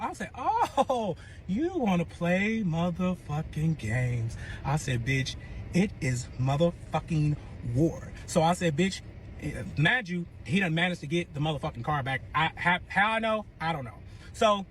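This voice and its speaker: A man's voice: sits high, fairly bright tone, slight background noise. A man telling a dramatic breakup story in a profane, boastful rant, acting out the other voices. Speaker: storyteller in a reacted clip.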